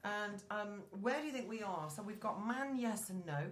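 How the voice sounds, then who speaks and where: A woman's voice: medium pitch, animated. Chatty woman host. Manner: chatty, stumbles over names, reads haltingly. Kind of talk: casual chat and reading news aloud. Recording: roomy echoey room.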